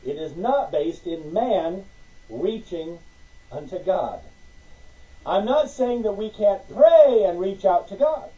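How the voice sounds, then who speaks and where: Man, preacher, sermon, animated, high voice, mellow dark tone, distant mic. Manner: animated, acts out conversations with God, laughs often.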